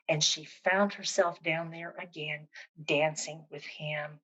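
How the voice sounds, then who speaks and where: A woman telling a folk tale aloud with expressive, rhythmic repetition. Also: sits low, slow pace, poor audio. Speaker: storyteller. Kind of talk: oral storytelling of a folk tale.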